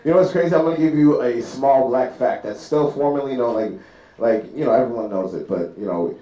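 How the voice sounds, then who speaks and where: This stand-up comedian, heard through a distant mic in the roomy sound of a live club venue with an audience, speaks fairly quickly in a medium-pitched voice. His set mixes animated stories with impressions of the characters' voices.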